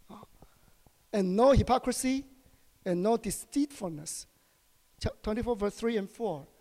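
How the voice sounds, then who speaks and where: A high-pitched man with a Taiwanese accent preaches in a church, his English halting as he keeps tossing questions to the congregation. His voice rings out with a long reverb through the hall. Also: animated, darkish tone. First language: Chinese. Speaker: pastor. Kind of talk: sermon.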